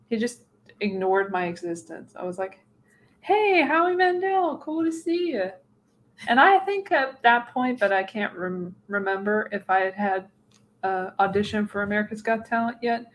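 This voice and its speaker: A woman in her thirties co-hosting a casual talk show. She rambles from one memory to the next, laughs often and swears freely as she talks. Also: medium pitch. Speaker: co-host. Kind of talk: casual chat.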